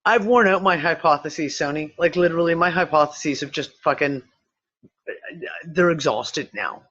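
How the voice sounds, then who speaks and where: A man's voice: fairly high pitch, moderate pace, a bit bright, dull audio. A man hosting a casual online discussion, rambling and swearing freely as he talks. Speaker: host.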